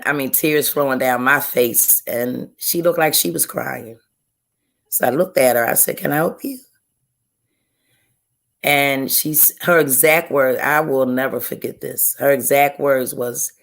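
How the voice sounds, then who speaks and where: A woman's voice: a bass voice, steady tone, creaky. Earnest woman telling a personal testimony. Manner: slow, earnest storytelling with repeated phrases. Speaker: guest author. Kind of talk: emotional personal testimony in an interview.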